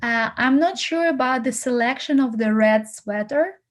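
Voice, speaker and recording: A woman casting coach gives actors encouraging feedback in a fairly high voice. She rambles, stops and restarts often, and fills the gaps with "uh" and "um". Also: normal speed. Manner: encouraging, rambling, many fillers. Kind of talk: critique and advice to actors.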